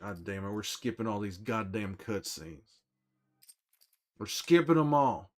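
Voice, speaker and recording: A man's voice: fairly low pitch, animated, measured pace, a little mellow, faint music behind. A man playing a grizzled, hot-tempered survivor while commenting in character on his game, swearing a lot and scolding himself. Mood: bitter, remorseful. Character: grizzled middle-aged male survivor, protective and hot-tempered.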